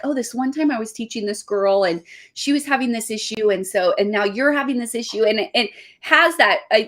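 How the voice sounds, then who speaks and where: A woman weightlifting coach, a guest in a casual podcast interview, talking earnestly and with animation. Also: medium pitch. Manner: earnest, animated, speaks of camps and self-talk.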